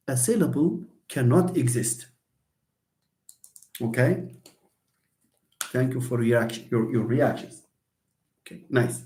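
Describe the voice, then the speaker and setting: A man with a Moroccan accent giving an online class lecture, animated and switching between English, French and Arabic, asking and answering his own questions. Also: mid-range voice, moderate pace, pauses often, reverberant.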